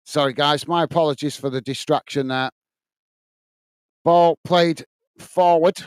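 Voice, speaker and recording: A middle-aged man with an English accent calls a live football match and reads out viewer chat, calling everyone mate. His voice is smooth and clear and sits a little high. It is recorded close on a dry mic with no room sound. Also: fairly even intonation, a little slow, no room sound. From England. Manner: blunt, upfront, addresses viewers as mate. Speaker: watch-along host.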